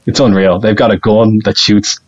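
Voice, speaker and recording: Man, low voice, excitable, rambling, laughs a lot, muffled lo-fi audio. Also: moderate pace, slightly rough. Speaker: podcast guest, actor. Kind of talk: casual podcast chat.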